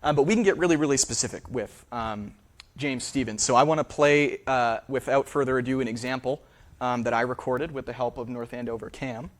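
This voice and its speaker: A man's voice: mid-range voice, fairly quick. A man, a linguist, giving a public lecture in a theater, hesitant and full of fillers and restarts.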